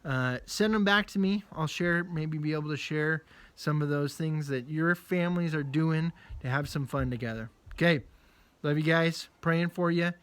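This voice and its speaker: Man, children's pastor, casual storytelling, bit higher voice, dry close sound. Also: normal speed, clean tone, no echo. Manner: lively, casual storytelling with jokes. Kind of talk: children's Bible message.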